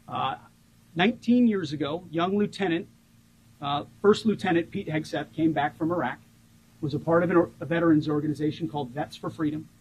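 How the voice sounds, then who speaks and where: Husky man giving a rousing speech. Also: fairly high pitch, poor audio. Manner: emphatic, rousing, with slowed stress on key words. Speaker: government official giving a tribute speech. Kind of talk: ceremonial public speech.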